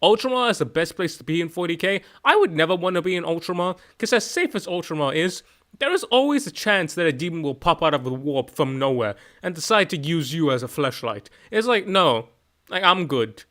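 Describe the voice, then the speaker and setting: A young man streaming from home, chatting casually, excitable and rambling, swearing often and restarting his sentences. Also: fairly high pitch, a little fast. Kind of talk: casual chat.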